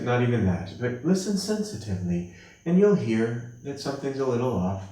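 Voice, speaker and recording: A man giving a spiritual class, telling stories gently and acting out the voices of the people in them. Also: big pitch swings, moderate pace. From United States. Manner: gentle, storytelling, acts out quoted voices with rising pitch. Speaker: class teacher at a monastery. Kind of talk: spiritual class talk with acted anecdotes. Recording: echoey room from a distance.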